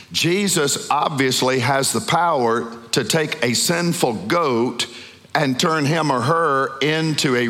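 A male pastor preaching a sermon, asking the congregation questions and slowing down to stress key words. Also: medium pitch, a bit bright. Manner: call-and-response questions to the congregation; emphatic, slows down on key words. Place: church sanctuary. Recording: long reverb of a large hall.

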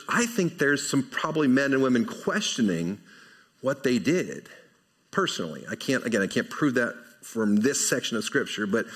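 A man preaching a conversational sermon verse by verse, asking rhetorical questions and shifting between emphatic and quiet delivery. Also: medium pitch, breathy edge. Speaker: pastor.

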